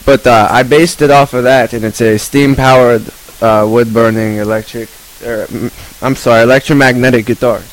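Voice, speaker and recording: Man playing an unhinged rock guitarist, rambling, stumbling, mid-pitched voice. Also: steady tone, normal speed, hardly any pauses, lightly acted, poor audio. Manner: rambling, stumbling, absurd claims. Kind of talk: improvised comedy interview.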